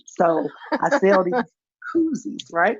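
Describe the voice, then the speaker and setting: A woman doing stand-up, telling animated stories and acting out the people in them. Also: mid-range voice, slow, breathy edge, no room sound. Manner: animated, acts out characters in her stories. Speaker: stand-up comic. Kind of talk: stand-up storytelling. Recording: dull lo-fi stream audio.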